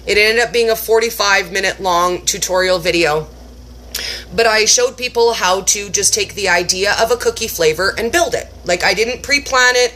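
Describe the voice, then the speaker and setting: A woman's voice: mid-range voice, pushed and bright. A woman hosting a cooking video from her kitchen, telling a story in a casual, self-mocking way and laughing often, then demonstrating a snack. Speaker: cooking channel host. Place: home kitchen.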